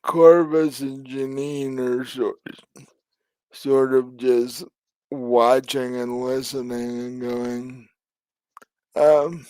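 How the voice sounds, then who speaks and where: A man's voice: mid-range voice, steady tone, very slow, pauses often, warm tone, smooth, dry recording. A man narrating as game master of a tabletop game, hesitant with many fillers and restarts.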